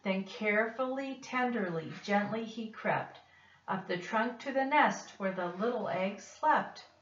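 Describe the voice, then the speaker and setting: A woman reading a rhyming picture book aloud with measured, expressive delivery. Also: mid-range voice, a little hiss or hum. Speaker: storyteller. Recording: dull, roomy, distant recording.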